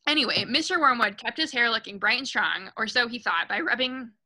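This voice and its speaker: A woman with a very bright, fairly high voice reads a children's novel aloud to a book club. She reads in a casual, unpolished way, trips over words and corrects herself, and lifts her voice when the characters speak. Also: a little fast, rough recording. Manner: casual reading with restarts and self-corrections; raises her voice for quoted lines.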